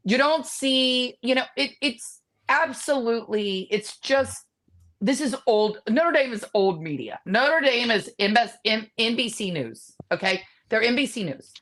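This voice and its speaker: A woman's voice: fairly high pitch, expressive, measured pace, fairly bright tone. A woman co-hosting a sports podcast, ranting bluntly and mocking rival teams in casual chat. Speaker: podcast co-host.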